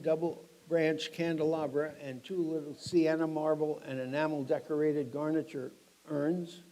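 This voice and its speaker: Brisk man calling an auction. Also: on the high side, dark tone, rough recording. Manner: rapid bid-calling chant with brisk lot descriptions.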